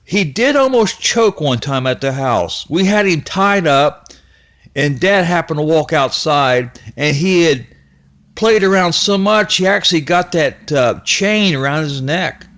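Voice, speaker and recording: This channel host is in his fifties and hails from the Ohio-Kentucky region of the USA. With a fairly high, animated, fairly bright voice, he recounts a personal story in a folksy, nostalgic, rambling manner, halting and restarting many times.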